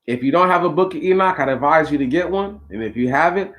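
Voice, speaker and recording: Brief: male talk host, higher-pitched voice, preachy casual monologue, slangy asides to listeners. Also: animated, fast, a bit bright. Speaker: podcast host.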